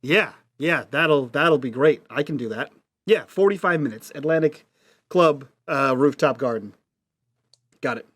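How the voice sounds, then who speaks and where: A man's voice: a little high, expressive, a little slow, fairly bright tone, no echo, studio quality. A man playing his character in a tabletop role-play, joking and rambling with many restarts. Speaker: player.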